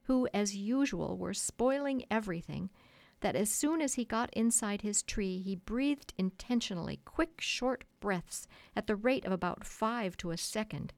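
A woman reading a children's classic aloud in a measured, expressive storytelling manner. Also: mid-range voice, vocal fry, no room sound. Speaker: audiobook narrator. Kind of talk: scripted narration. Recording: dry close studio sound.

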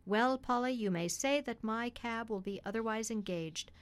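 A woman reading the part of a principled working cab driver, a father who speaks gravely and firmly. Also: a little high, normal speed, natural voice. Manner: grave, firm and earnest. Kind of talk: reading a children's classic on radio.

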